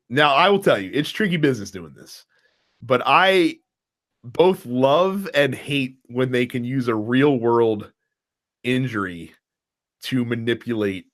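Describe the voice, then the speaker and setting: A man co-hosting a casual wrestling chat, telling stories with a lot of laughter. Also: medium pitch. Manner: animated, laughing storyteller. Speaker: wrestling podcast co-host.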